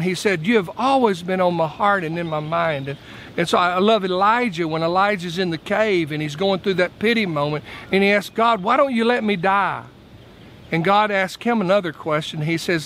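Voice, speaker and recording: A pastor delivering a midweek sermon with a notably high voice. He preaches earnestly and lifts his voice to stress his points, while a faint hiss of noise sits beneath the recording. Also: normal speed, a bit bright. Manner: earnest preaching, voice rising for emphasis.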